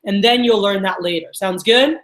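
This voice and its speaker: A woman's voice: medium pitch, moderate pace, a bit bright, echoey room, low-quality recording. Upbeat woman coaching a sales team. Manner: upbeat, coaching, lots of "all right?" check-ins. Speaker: sales trainer. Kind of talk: training talk to a group.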